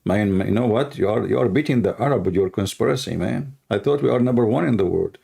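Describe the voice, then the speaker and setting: A man's voice: fairly low pitch, fast, gravelly, dark tone, slightly rough. A man giving a ranting online commentary, blunt and mocking, repeating himself and hurling insults.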